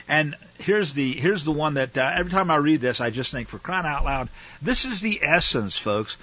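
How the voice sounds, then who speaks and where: Husky, lively emphatic male Bible teacher. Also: on the high side, no echo, lo-fi sound. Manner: emphatic, fiery asides. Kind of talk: scripture reading with commentary.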